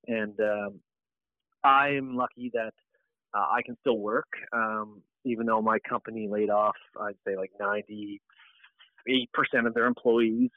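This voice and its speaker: A man from Nova Scotia in Canada, a podcast guest, talking in halting casual chat with many fillers over a call. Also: on the low side, steady tone, dry recording. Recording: tinny phone-line call audio.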